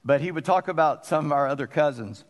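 A man preaching a sermon as pastor, folksy and conversational, with emphatic pauses. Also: a little high, in a large hall.

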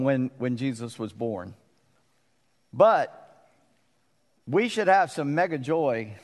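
A male pastor preaching a sermon, chatty and animated, dropping suddenly into a low voice for emphasis. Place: church sanctuary. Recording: long reverb of a church hall.

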